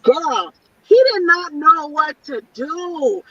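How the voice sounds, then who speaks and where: A woman's voice: high voice, animated, takes it slowly, pushed and bright. Blunt, emphatic woman on a distant, muffled mic. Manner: blunt and emphatic, repeats her points. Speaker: panelist in a women's chat. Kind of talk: candid casual chat. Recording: distant, dull lo-fi audio.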